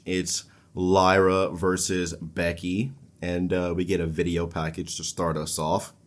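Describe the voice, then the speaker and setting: This laid-back podcast host talks wrestling in an easygoing recap, his lowish voice drawn out and unhurried. Casual cursing and chuckles at his own flubs run through it.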